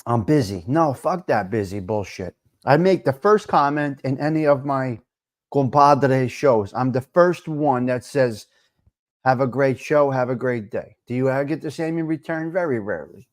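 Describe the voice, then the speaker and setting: A man's voice: medium pitch, expressive, moderate pace. A man hosting a casual live-stream talk show, chatting loosely, rambling in asides and greeting viewers by name. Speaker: livestream talk show host.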